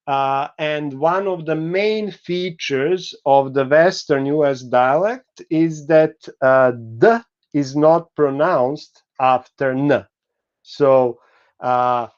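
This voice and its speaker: Male lecturer, a fairly high, smooth voice, dull lo-fi recording. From Serbia. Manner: patient, explanatory, halting with frequent fillers. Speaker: university lecturer.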